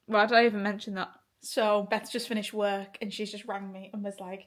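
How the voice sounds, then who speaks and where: A young woman talks casually to camera in a personal vlog. She is chatty and candid, swears freely and laughs often. Her voice sits at an ordinary pitch for a woman. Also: level tone, brisk. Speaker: vlogger.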